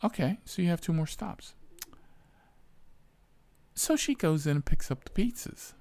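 A man, a rideshare driver, telling stories in a profane, animated, exasperated way. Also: on the high side, unhurried, gravelly, long pauses, dry recording. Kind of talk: casual storytelling.

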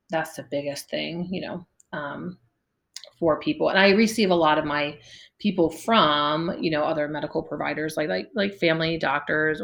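A woman's voice: deep voice, gravelly. A woman around forty, a physical therapist guest, chatting casually in a podcast interview, laughing often and using many fillers.

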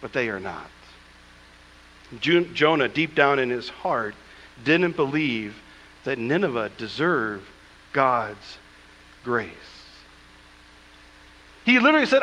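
A man's voice: mid-range voice, sing-song, slow pace, long pauses, bright, forceful tone, in a large hall, highs cut off. A man preaching a sermon as pastor, with emphatic asides and acted-out scripture quotes, speaking in a church. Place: church sanctuary.

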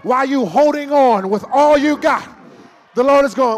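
High-voiced man preaching in sing-song waves. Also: moderate pace. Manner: sing-song call-and-response preaching, swells to shouts then drops to near murmurs. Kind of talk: sermon. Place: church sanctuary with congregation.

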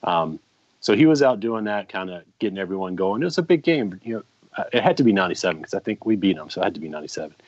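A man with a low voice tells a long sports memory on a podcast, full of ums and self-corrections. The recording is dry and a little muffled, with no room sound. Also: sing-song, racing, darkish tone, no echo. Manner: rambling anecdotes with many ums and restarts. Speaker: podcast co-host. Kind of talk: casual storytelling.

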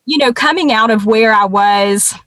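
A woman guest telling a personal story in an earnest, conversational way, with many pauses and restarts. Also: a little high, fairly bright tone.

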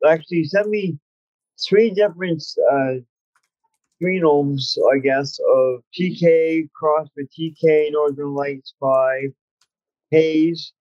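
A man chatting as a guest on a livestream panel, relaxed and laid-back, over a video call. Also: fairly high pitch, slow pace, no echo. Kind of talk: casual livestream chat. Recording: dull lo-fi call audio.

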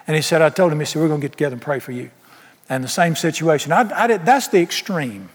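Male preacher, folksy and emphatic, slightly high pitch, long church reverb. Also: animated, fast talker. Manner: storytelling, emphatic, Southern folksy phrasing. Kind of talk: sermon.

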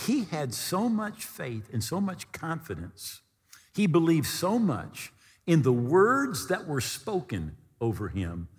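A husky-voiced male pastor delivers a lively, swooping sermon. He tells the story with animation and briefly acts out the voices he quotes. His words ring with the long reverb of a large hall. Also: medium pitch.

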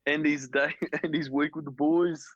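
A man's voice: a little high, level tone, measured pace, dry recording, highs cut off. A man co-hosting a podcast, joking and laughing a lot, reacting with mock outrage. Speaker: podcast co-host. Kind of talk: casual chat.

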